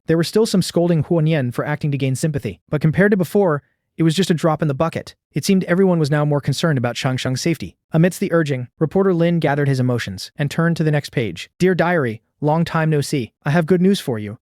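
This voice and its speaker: A man's voice: a little high, darkish tone, no room sound, clean studio sound. A man narrating a first-person story in a subdued, sorrowful manner.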